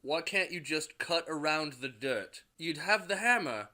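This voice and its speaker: A man's voice: fairly high pitch, lively intonation, unhurried, pushed and bright. A young man recapping a movie plot in a casual, crude way, swearing constantly and now and then acting out a character's line. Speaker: movie reviewer recapping a film.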